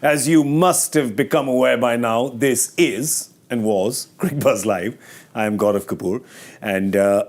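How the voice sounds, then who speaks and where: A man's voice: mid-range voice, unhurried. A man hosting a cricket show in casual studio chat, playful and jokey with narrated asides.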